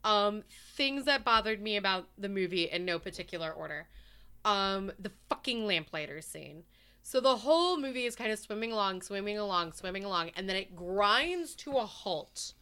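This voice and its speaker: A woman's voice: medium pitch, animated, brisk, pushed and bright, smooth. A woman co-hosting a casual podcast, ranting animatedly about a film, swearing and laughing as she goes. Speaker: podcast co-host. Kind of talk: casual chat, ranting movie review.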